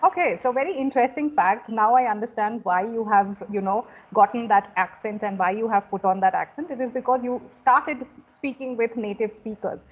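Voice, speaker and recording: Husky-voiced woman host, muffled sound. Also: on the high side, normal speed, few pauses. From India. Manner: encouraging, frequent affirmations. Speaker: host and communication coach. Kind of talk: conversational interview.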